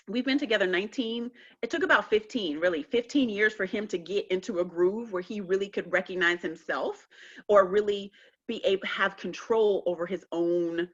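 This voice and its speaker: A woman speaking emphatically on a virtual call, telling stories with lively acted-out quotes. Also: mid-range voice, highs cut off. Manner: emphatic, animated storytelling. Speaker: guest speaker. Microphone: video call.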